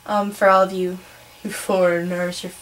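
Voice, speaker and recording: A woman's voice: on the low side, flat delivery, normal speed, rough recording. A teenage girl from Wisconsin talks with a Midwestern American accent. She rants casually and with strong opinions. She fills her talk with ums and sos. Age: teens. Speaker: vlogger. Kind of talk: casual ranting vlog.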